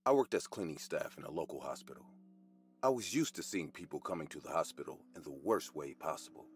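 A man telling a first-person horror story as scripted, expressive narration. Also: extremely low pitch, fairly quick, husky.

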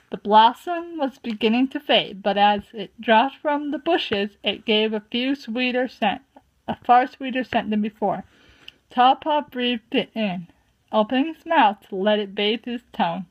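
A woman reads a storybook chapter aloud at a slow, careful pace, often tripping over words and correcting herself. Her voice sits fairly high. The recording is dull and lo-fi. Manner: stumbling, self-correcting reading. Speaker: reader. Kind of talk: amateur audiobook reading. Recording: muffled lo-fi home recording.

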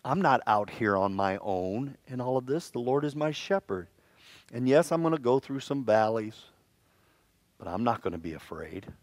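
A man preaching a sermon in a church, telling stories with lively swings between hushed and loud delivery. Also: lowish voice, no echo. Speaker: pastor. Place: church sanctuary.

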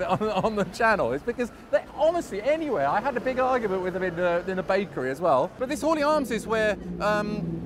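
A man's voice: high voice, background noise. A man hosting a casual walking tour on city streets, chatting and joking as he goes. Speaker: tour guide host. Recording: music playing behind.

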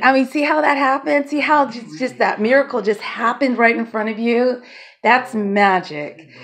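A woman vlogger talking to camera in a loose, rambling way, laughing often and swearing freely. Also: medium pitch. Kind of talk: casual rambling monologue to camera.

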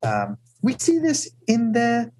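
A man with a husky voice, a guest speaker telling stories and often asking "right?". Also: very high-pitched, slow pace, poor audio. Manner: animated storyteller who often asks "right?". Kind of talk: storytelling talk.

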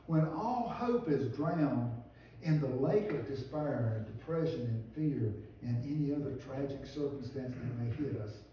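Pastor, earnest pleading sermon delivery, mellow voice, heard from afar in a very roomy church. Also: male voice, on the high side, slight background noise. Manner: earnest preaching with rising, pleading outcries. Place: church sanctuary. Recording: distant, very echoey church recording.

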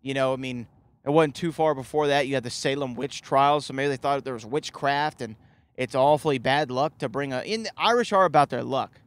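A man's voice: medium pitch, fairly quick. A man hosting a podcast, casually retelling a movie's plot in a rambling way, with many fillers and small chuckles. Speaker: podcast host. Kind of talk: casual film recap.

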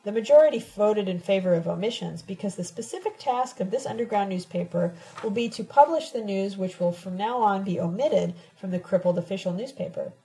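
A woman's voice: mid-range voice, animated, brisk, few pauses, dark tone, natural voice, rough recording. A woman reading the lines of a smug, self-satisfied young male student activist, proclaiming his news in a recorded book reading.

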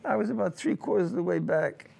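Gravelly older veteran recalling war. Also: male voice, sits high, lively intonation, a little mellow. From United States. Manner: emotional, halting recollection with repeated words. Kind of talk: personal war testimony.

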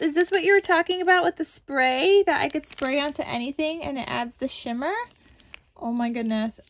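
A woman hosting a crafting vlog, gushing and exclaiming often as she unboxes supplies. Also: high-pitched. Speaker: crafting channel host.

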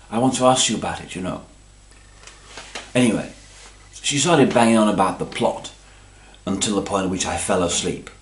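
A man rambles through a comic monologue in a low voice that swoops up and down a lot. He sounds pompous and long-winded, and his words ring in a roomy, echoing space. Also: slight background noise. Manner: long-winded, pompous, constantly adding "you see" and "you know". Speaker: comic storyteller.

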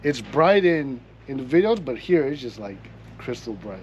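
A man's voice: mid-range voice, big pitch swings, moderate pace, lo-fi sound, crowd noise. A man, the car's owner, chatting casually with short, laid-back answers and hesitant fillers. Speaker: car owner and customer. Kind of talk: casual conversation.

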